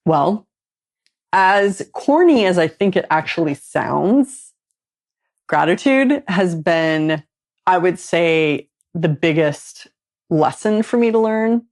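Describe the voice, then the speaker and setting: Woman podcast host, low voice, candid confessional storyteller. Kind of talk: casual conversation.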